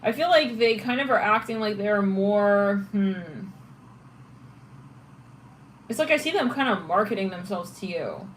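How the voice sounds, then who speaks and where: A woman's voice: mid-range voice, lively intonation, measured pace, pauses often, a little hiss or hum, rough recording. Chatty woman giving a tarot reading. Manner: chatty, thinks aloud with restarts while reading cards. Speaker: tarot reader.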